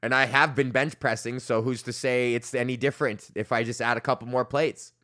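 A man's voice: medium pitch, fairly even intonation, a little fast, bright, forceful tone. A young man hosting his own comedy podcast, ranting in a rambling, profane way, laughing often and slipping into mock voices. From Canada. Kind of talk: solo comedic rant.

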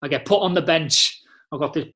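A man's voice: a little high, brisk. Swearing Liverpudlian man telling stories. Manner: blunt, swearing, animated storyteller with slang. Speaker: podcast guest, former footballer. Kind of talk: casual storytelling chat.

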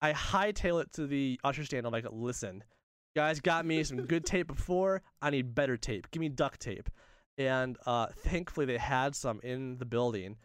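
A young man telling a funny story in casual chat, animated and laughing often, acting out the voices of the people in it. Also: medium pitch, normal speed, clean tone, dry recording, studio quality.

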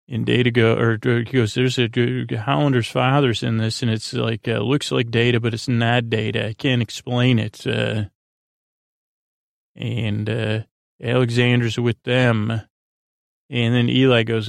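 A man's voice: medium pitch, level tone, unhurried, creaky, no room sound, studio quality. A man hosting a podcast, casually recapping an episode with many fillers and quoting characters in his own voice. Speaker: podcast host.

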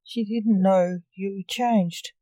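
A woman's voice: mid-range voice, steady tone, extremely slow, warm tone, no room sound. A woman reading as a kindly young prince. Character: friendly, helpful young prince, male.

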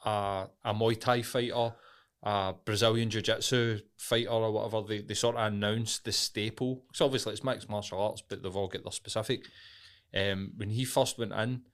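A man's voice: fairly low pitch, fairly even intonation, normal speed. A young Scottish man with a Glasgow accent, co-hosting a podcast and telling stories in casual, sweary banter. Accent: Scottish, Glasgow area. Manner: swearing, banter-heavy storytelling. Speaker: podcast co-host. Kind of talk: casual chat.

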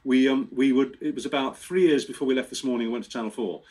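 A man in his sixties telling family stories in a chatty, animated way as a guest. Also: mid-range voice, fast. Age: 60s. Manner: chatty, animated storyteller with restarts. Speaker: guest presenter. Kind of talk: casual storytelling.

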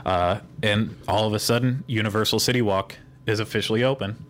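A man's voice: lowish voice, steady tone, brisk, fairly bright tone. A man with a Pittsburgh accent hosting a podcast, explaining in a rambling, digressive way in casual chat. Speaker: podcast host.

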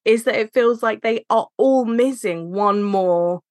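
A woman in a casual podcast conversation, giving opinionated takes in a lively way. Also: a little high, dry recording, studio quality. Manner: lively, opinionated, quick to laugh. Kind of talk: casual film discussion.

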